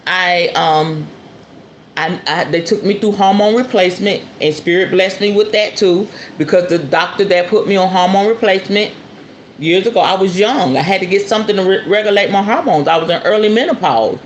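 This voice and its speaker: Blunt, salty woman in her forties. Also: mid-range voice. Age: 40s. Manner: blunt, salty and emphatic, scolding the listener. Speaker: podcast host and spiritual herbalist. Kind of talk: casual monologue to listeners. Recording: roomy echo with faint ambient noise.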